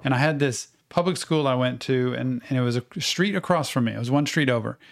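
A middle-aged man co-hosting a podcast, telling childhood stories in a casual, animated way and acting out the quotes. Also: medium pitch, fairly quick, gravelly. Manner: animated anecdotes with acted-out quotes. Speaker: podcast co-host. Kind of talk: casual storytelling chat.

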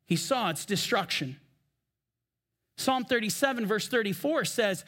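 A man preaching from the pulpit with a strikingly high voice. He speaks with emphasis and slows down for the scripture he reads aloud. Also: expressive, a bit bright. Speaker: pastor. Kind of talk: sermon. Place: church.

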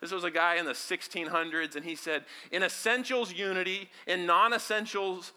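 A male pastor preaching a sermon to his congregation, shifting from hushed near-whispers to loud, emphatic lines and leading the room in call-and-response. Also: high-pitched, steady tone, normal speed, clear, resonant tone. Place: church service before a congregation.

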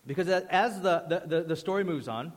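A man preaching a sermon as pastor, conversational and animated, dropping to a hush for emphasis. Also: a little high, brisk, big-room sound. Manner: animated, conversational storytelling with sudden hushed drops.

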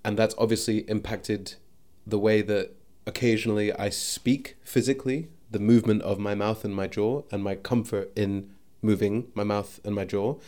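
With a fairly low, steady, darkish voice at normal speed, a podcast host delivers a reflective solo monologue. He speaks thoughtfully into his mic, frequently starting sentences over while searching for the right words.

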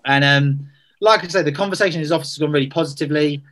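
A man's voice: fairly high pitch, racing, fairly bright tone. A man, telling a story in casual chat, self-deprecating, full of fillers and restarts.

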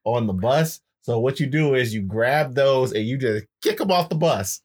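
A man in a casual podcast conversation. He jokes in a relaxed, matter-of-fact way, with an everyday middle pitch. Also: moderate pace. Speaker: podcast co-host. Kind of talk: casual chat.

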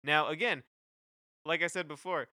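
A man's voice: a little high, normal speed, pushed and bright, no echo, studio quality. A young man co-hosting a casual music podcast, talking hesitantly with lots of fillers and restarts. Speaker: podcast co-host. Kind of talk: casual chat reviewing music.

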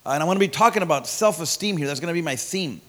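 A high-pitched man preaching a sermon, his tone bright and forceful. He speaks in a folksy way, stumbles over fillers and repeats words, then builds to loud, emphatic points. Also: lively intonation, very fast. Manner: emphatic, rising to loud declarations.

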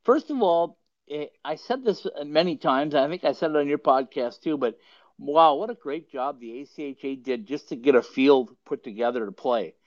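A man's voice: a little high, animated, normal speed, no echo. Chuckling male podcast host, lo-fi. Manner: rambling, chuckles often mid-sentence. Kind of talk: casual storytelling chat. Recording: dull lo-fi dry sound.

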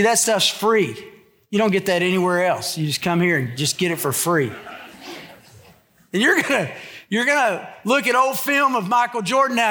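A man's voice: sits high, bright, forceful tone. A man preaching a sermon, emphatic and full of stories. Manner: emphatic, storytelling. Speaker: pastor.

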